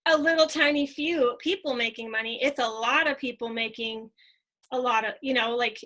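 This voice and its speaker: Bright, high-voiced excited woman. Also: normal speed, low-quality recording. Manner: excited, chatty, full of fillers. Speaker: team leader. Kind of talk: casual team training talk.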